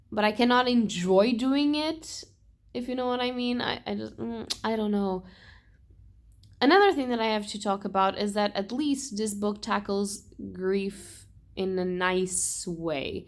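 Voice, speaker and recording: A young woman talking casually in a book vlog, animated and exasperated, swearing and laughing often. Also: medium pitch, measured pace. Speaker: book vlogger.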